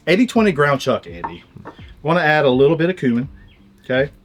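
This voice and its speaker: A man's voice: on the high side, very animated, a little fast. A man with a Southern US accent hosting a griddle cooking show, joking in a folksy way. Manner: folksy, joking, drawling sayings. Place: outdoor griddle cooking set.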